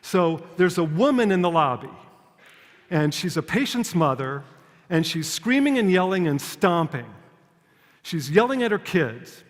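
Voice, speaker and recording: A man delivers a prepared public talk at a measured pace, telling stories and posing rhetorical questions. His voice sits fairly high for a man. The sound carries a long reverb, as if the talk was recorded in a large hall. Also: big pitch swings. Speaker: public speaker.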